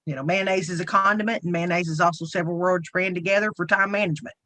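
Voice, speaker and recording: A woman's voice: on the low side, steady tone, fast, sharp tone, no room sound. A woman with a Southern US accent, co-hosting a casual round-table livestream in a folksy, rambling way. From Southern United States. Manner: chatty, folksy, rambling with frequent restarts. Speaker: co-host.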